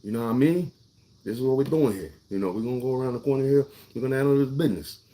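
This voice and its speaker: A man's voice: medium pitch, rapid-fire, dark tone, voice pushed up, lightly acted. A man voicing a brash Italian-style street tough guy who talks in a swaggering, pushy way.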